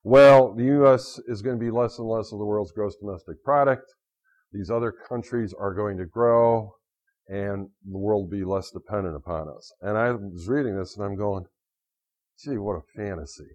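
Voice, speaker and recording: A middle-aged man lecturing on finance to a class, telling lively anecdotes and acting out quotes, in a dull lo-fi recording. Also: lowish voice, normal speed. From United States.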